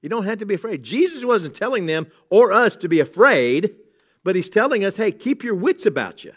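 Man, pastor, sermon, fairly high voice, chatty and joking, sudden loud outbursts. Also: big pitch swings, a little fast, breathy edge. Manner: conversational, humorous asides, emphatic exclamations.

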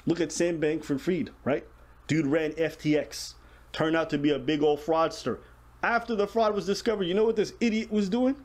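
A man's voice: fairly high pitch, normal speed, a little mellow. A man hosting a casual reaction show, explaining the news bluntly with profanity.

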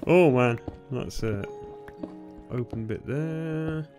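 A young man giving nervous, excitable commentary on a game he is playing, often bursting into shouts. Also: mid-range voice, slow pace, soft background music. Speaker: gaming YouTuber. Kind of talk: Let's Play commentary.

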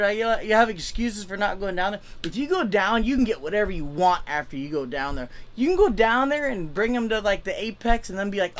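Stammering self-deprecating young comic. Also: male voice, sits high, expressive, fairly quick. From California. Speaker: stand-up comic. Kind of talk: stand-up over video call. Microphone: video call.

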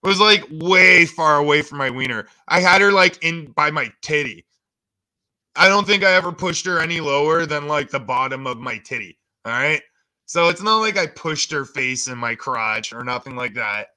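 Bright-voiced man mocking clips. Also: a little high, normal speed. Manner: crude, mocking asides. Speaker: host reacting to clips. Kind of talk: casual reaction commentary.

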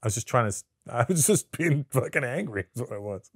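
A man's voice: medium pitch, fast, husky, no room sound, studio quality. A comedian from Canada telling stories in a casual sit-down interview, swearing freely and acting out the people he quotes. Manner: profane, animated storyteller who acts out quotes. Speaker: guest comedian.

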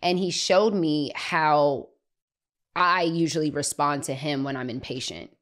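A woman, telling a personal faith story on a podcast in a lively, conversational way. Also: low voice, measured pace. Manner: animated, acts out children's voices, laughs often. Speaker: podcast host.

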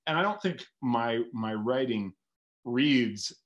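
A man's voice: medium pitch, lively intonation, takes it slowly, dull audio. A man, a guest author talking casually and animatedly in an interview, thinking aloud with lots of filler words.

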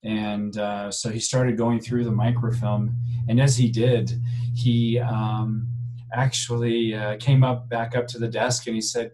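A man giving a recorded genealogy lecture, talking conversationally in a halting way with many fillers and restarts. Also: lowish voice, flat delivery, darkish tone. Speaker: genealogy instructor.

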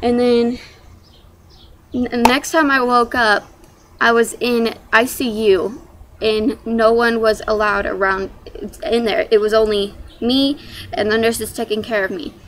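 A young woman with a slightly high voice tells her own story in a loose, rambling vlog way. She fills the gaps with "like" and "um" as she goes. A faint hiss of background noise sits under her voice. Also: fairly even intonation, measured pace. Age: young adult. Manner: casual, rambling, lots of "like" and "um". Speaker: young mother telling her birth story.

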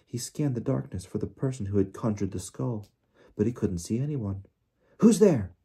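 A man reading an audiobook aloud in a steady storytelling manner. His voice sits low, with a very dark, mellow color. A husky, breathy grain runs through it. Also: moderate pace. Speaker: audiobook reader. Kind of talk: audiobook narration.

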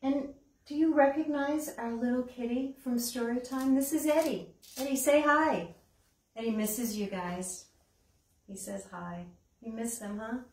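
A woman librarian leading a children's story time with songs, talking in a slow, gentle sing-song way. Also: fairly high pitch, far from the mic. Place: library room. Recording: echoey room, away from the mic.

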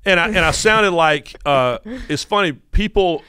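A man's voice: high-pitched, measured pace, clear, resonant tone, dry recording, clean studio sound. A man in his fifties with a North Carolina Southern accent, telling stories as a guest host on a casual podcast. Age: 50s. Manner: animated storyteller who acts out quotes.

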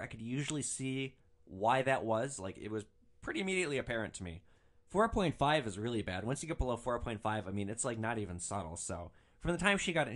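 A man's voice: medium pitch, fairly bright tone. A man hosting a podcast, telling comedic stories about his driving work with sardonic, crude relish. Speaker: podcast host and rideshare driver. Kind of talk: comedic storytelling.

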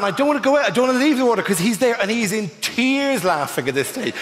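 An Irish man doing stand-up on a theatre stage, his voice pitched high and bouncing around a long, roomy hall. Loud ambient noise from the live house sits under everything, and he tells the story in an animated way with sudden loud bursts. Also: fast, few pauses. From Ireland. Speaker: stand-up comedian. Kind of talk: stand-up comedy routine. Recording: echoey live hall with audience.

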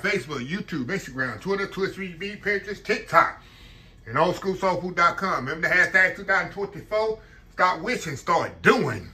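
A bright, ringing man with a somewhat high voice talks his viewers through his kitchen work in an easy, folksy way. He keeps turning to the audience as he goes, relaxed and chatty. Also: fairly quick. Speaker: cooking channel host. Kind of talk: casual cooking vlog.

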